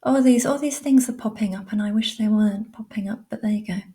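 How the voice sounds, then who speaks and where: An English woman hosting a live stream, greeting viewers by name with effusive endearments and frequent ums. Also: medium pitch. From England. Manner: warm, effusive, calls viewers darling and lovely; many fillers, unhurried. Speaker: livestream host, animal communicator. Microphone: laptop mic on a live stream.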